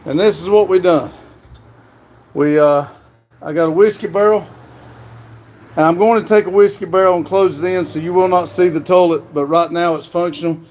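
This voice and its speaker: A man co-hosting a casual livestream, talking quietly and haltingly while showing his building work. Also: high voice, steady tone, slight background noise. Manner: soft-spoken, halting, many fillers.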